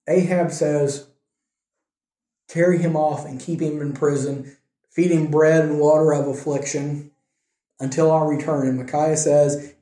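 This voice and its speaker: A man teaching a Bible passage in a relaxed, conversational way, retelling scripture in everyday speech and often checking in with "right?". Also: on the high side. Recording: echoey room.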